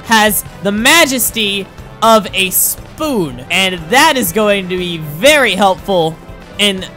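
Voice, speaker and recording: A man giving excitable gameplay commentary, frantic, exclaiming and laughing at himself as he plays. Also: sits high, takes it slowly, soft background music. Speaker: gaming commentator.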